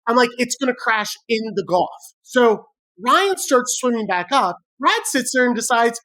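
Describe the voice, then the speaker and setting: A woman co-hosting a podcast, telling a story with animated, sweary acted-out quotes. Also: on the high side, normal speed, hardly any pauses. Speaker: podcast co-host. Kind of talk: casual chat, storytelling.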